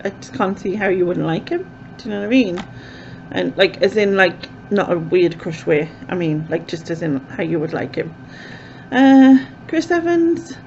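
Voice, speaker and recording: A woman's voice: lowish voice, expressive, normal speed, vocal fry, a little mellow, a little hiss or hum. A woman chatting casually as a vlogger, rambling with lots of fillers, recorded with dull, lo-fi sound. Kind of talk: casual chat to camera.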